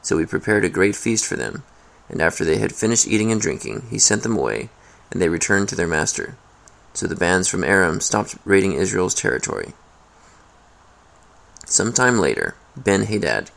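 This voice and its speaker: A man reading a Bible chapter aloud in a steady, measured way. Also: sits low, gravelly. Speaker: scripture reader.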